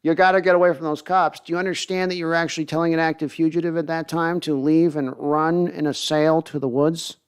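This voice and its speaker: A man's voice: a little high, flat delivery, brisk, few pauses, clear, resonant tone, natural voice. A man voicing a stern police interrogator in a mock-formal, accusing tone.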